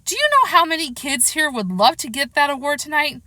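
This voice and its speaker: A bewildered father scolds his son in disbelief in a bright, forceful voice, as a woman reading the storybook voices him. The reading is dry and close to the mic. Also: medium pitch, lively intonation, moderate pace, no room sound, close to an everyday voice. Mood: indignant. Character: baffled, indignant father of a boy.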